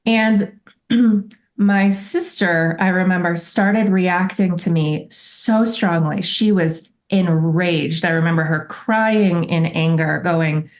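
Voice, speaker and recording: Woman, low voice, podcast guest, candid, reflective storytelling. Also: fairly even intonation, slow. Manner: candid and reflective, acting out remembered remarks. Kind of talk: personal storytelling in a podcast interview.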